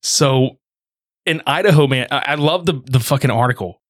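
A man's voice: medium pitch, moderate pace, no room sound, clean studio sound. A man hosting a podcast, telling a story in casual, profane chat. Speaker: podcast host.

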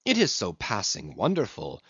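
Polite, earnest gentleman listener, read by a man, low and quiet. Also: wildly swooping pitch, normal speed, breathy edge, no room sound, highs cut off, exaggerated voice.

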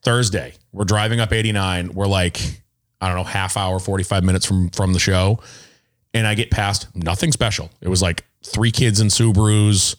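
A man co-hosting a casual podcast, telling animated stories, acting out quotes and swearing freely. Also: deep voice, normal speed. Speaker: podcast co-host. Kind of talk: casual chat.

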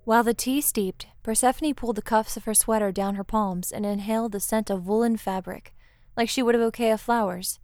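A woman narrating a romantic story in a calm, unhurried reading. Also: on the high side, faint music behind.

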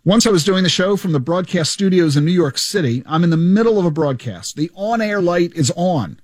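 A man hosting his radio show, telling stories in an animated, joking way into a studio microphone. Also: high voice, brisk, no room sound. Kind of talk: radio show retrospective monologue.

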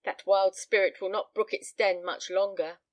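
A woman's voice: mid-range voice, steady tone, moderate pace, no room sound, natural voice. A woman voicing a grave, anxious elderly father, speaking solemnly and earnestly.

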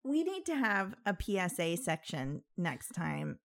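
A woman's voice: on the low side, big pitch swings, a little slow, vocal fry. A young woman co-hosting a podcast, teasing her partner and laughing easily. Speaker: podcast co-host. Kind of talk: casual chat.

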